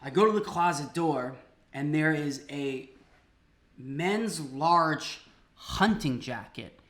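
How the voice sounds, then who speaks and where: A man hosting a cooking video, telling a comic story in an animated, conversational way and laughing often, in a home kitchen. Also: fairly high pitch, slow. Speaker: host.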